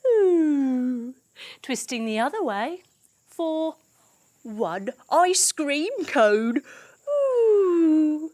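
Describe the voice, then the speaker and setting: Young woman, kids' yoga storyteller; bright high voice, unhurried, lively melody. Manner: playful, sing-song, with sound effects. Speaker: kids yoga instructor. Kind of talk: storytelling yoga lesson for children.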